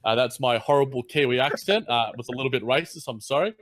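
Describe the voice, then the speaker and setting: A man's voice: mid-range voice, fast talker, a bit bright. A man with an Australian accent co-hosting a casual sports podcast, rambling with lots of fillers and restarts. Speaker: podcast co-host.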